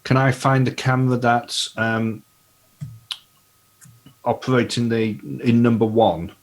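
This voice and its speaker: A man's voice: mid-range voice, little pitch movement, unhurried, poor audio. A man playing a tabletop game, stating his character's actions in a matter-of-fact way. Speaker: player.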